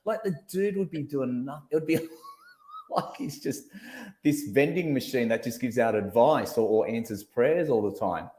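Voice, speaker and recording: A man hosting a casual chat, joking and telling animated stories. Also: medium pitch, moderate pace, reverberant. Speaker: host.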